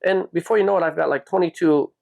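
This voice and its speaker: A man hosting a podcast, telling a personal story in a casual, animated way and jumping his pitch up when he quotes people. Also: quick pace, gravelly. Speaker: podcast host.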